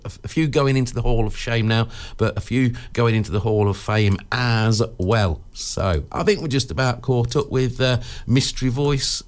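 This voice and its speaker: A man presenting a radio show in casual chat, rambling and joking with studio colleagues. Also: mid-range voice. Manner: rambling, jokey, self-interrupting.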